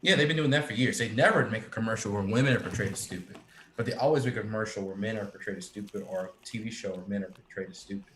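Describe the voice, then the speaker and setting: A man with a lowish, fairly bright voice talks fast in an echoey room with faint ambient noise. He's chatting casually on a live stream, rambling and swearing and restarting his sentences a lot.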